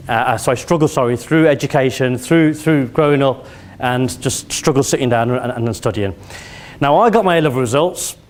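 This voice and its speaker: A man in his forties from Birmingham, with a Birmingham accent, giving a motivational speech to an audience and drawing them in with questions and anecdotes. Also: mid-range voice. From Birmingham, England. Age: 40s. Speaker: competition speaker. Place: event hall before an audience.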